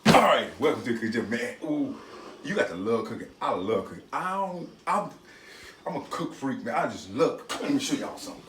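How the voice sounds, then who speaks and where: A man hosting a home cooking video, talking folksy and excitable, with catchphrases aimed at his viewers. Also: medium pitch, brisk, heavy background noise. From Texas. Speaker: home cooking channel host. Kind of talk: casual cooking video talk. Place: home kitchen.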